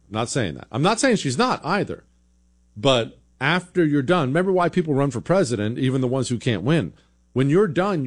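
A man hosting a political talk show, giving blunt, sarcastic opinion commentary in a conversational way. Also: mid-range voice.

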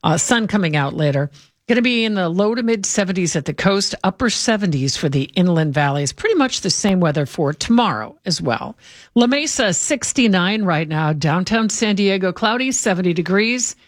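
A woman co-hosting morning radio, chatting casually and reading the weather in a relaxed, drowsy way. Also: medium pitch, normal speed, no echo, studio quality.

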